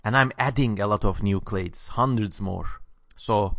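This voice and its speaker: A man with a Southeastern European accent, whose first language is not English, answers viewer questions in a lively, opinionated way, with sharp, sibilant consonants. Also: lowish voice, measured pace, dry recording. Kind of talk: casual Q&A monologue.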